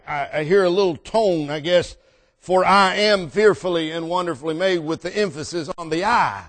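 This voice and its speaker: A man preaching a fervent sermon at a revival meeting, rising loud on scripture and trailing off softly, with many fillers. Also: high voice, in a large hall.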